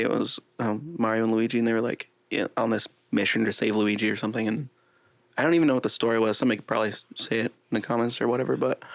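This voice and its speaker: A man's voice: medium pitch, vocal fry, no echo. A man hosting a casual podcast chat, joking and telling stories with silly voices. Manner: jokey, storytelling with silly put-on voices. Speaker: podcast host.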